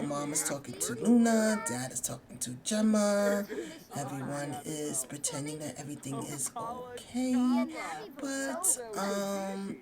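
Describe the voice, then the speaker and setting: Animated woman narrating a life-sim game. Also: medium pitch. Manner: gushy, dramatic narration addressing viewers. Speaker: let's play host. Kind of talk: casual game commentary. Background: game music.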